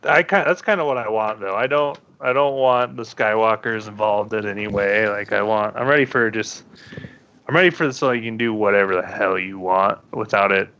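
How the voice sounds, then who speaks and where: A man's voice: lowish voice, moderate pace, sharp tone. A man talking casually on a podcast, thinking aloud and trailing off as he goes. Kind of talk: casual chat. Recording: dull lo-fi sound.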